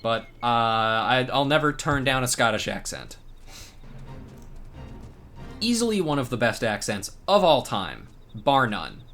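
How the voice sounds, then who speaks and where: Lively, joking male streamer. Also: mid-range voice, a little slow, pauses often, faint music behind. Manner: joking and rambling. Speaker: streamer reading a game aloud. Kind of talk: casual chat.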